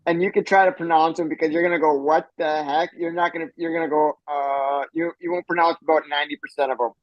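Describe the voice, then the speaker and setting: A man from Wisconsin with a fairly high voice, sitting in on a casual video-call panel. He tells a joke in an animated way and restarts his phrases, and the call audio sounds dull and dry. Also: fast, dry recording. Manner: animated storyteller, repeats himself. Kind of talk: casual chat, telling a joke.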